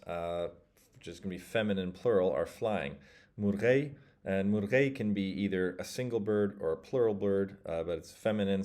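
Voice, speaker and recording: A man teaching a casual spoken language lesson, explaining grammar step by step and saying example phrases slowly so the learner can repeat them. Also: sits low, a little mellow. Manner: explains step by step, models phrases slowly and leaves pauses for practice.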